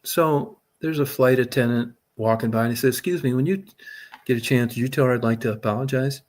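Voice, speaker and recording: A middle-aged man spins a long personal yarn in loose, casual talk, cursing freely and building energy as he goes. His voice sits at an ordinary middle pitch for a man. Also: brisk. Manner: profane, animated storyteller. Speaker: guest telling a story. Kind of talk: casual storytelling.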